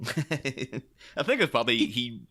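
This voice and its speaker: A man's voice: mid-range voice, very animated, slow, sharp tone. A man co-hosting a podcast, talking through a film casually, rambling and laughing often as he mimics characters. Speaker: podcast co-host.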